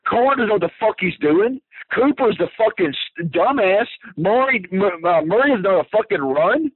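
A man's voice: sits high, lively intonation, moderate pace, husky, no room sound. A man calling in to a fan radio show, ranting furiously with constant profanity. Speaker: caller. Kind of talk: angry fan rant over the phone. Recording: tinny phone line, dry.

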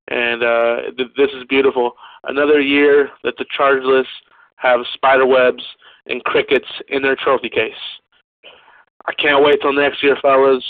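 A man's voice: medium pitch, no echo. A man calling in to a fan show, gloating and cursing about a rival team losing. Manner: profane gloating trash talk. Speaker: caller. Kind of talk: call-in voicemail rant. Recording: tinny phone line.

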